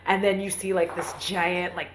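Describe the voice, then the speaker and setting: A woman's voice: fairly low pitch, little pitch movement, normal speed, a little hiss or hum. Rambling, profane woman recapping a film. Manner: profane, rambling, self-mocking, lots of "like". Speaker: host. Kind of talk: comedic movie recap. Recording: roomy echo.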